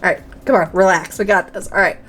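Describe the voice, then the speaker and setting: A woman's voice: lowish voice, steady tone, quick pace, fairly bright tone, slightly rough, faint music behind. A woman hosting a budgeting channel, chatting casually to camera while playing a dice game, talking to herself and counting aloud.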